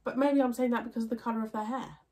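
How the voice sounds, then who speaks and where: A woman's voice: on the high side, fairly even intonation, rapid-fire, darkish tone. A young woman with a stuffy, nasal voice, chatting casually and answering viewer questions in a rambling way, with many fillers and restarts. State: congested, nasal. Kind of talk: casual Q&A chat.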